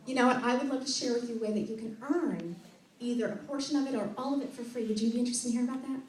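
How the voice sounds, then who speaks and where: A woman's voice: a little high, racing, darkish tone. A woman giving an enthusiastic sales training talk to a group, acting out customer dialogue and laughing often. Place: meeting room with audience. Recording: echoey room from a distance.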